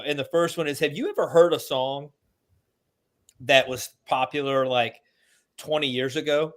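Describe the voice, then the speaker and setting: A man from Alabama with a Southern accent, co-hosting a casual veterans' podcast, riffing sarcastically and swearing freely. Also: medium pitch. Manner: sarcastic, swearing, animated mock outrage. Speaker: podcast co-host. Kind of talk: casual comedic chat.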